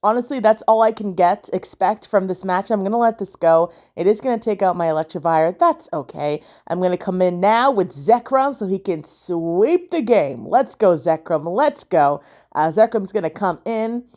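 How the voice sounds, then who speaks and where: Woman, casual gameplay commentary, lively up-and-down pitch, chatty, thinking aloud, unsure. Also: normal speed. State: sleepy, yawning. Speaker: gaming channel host.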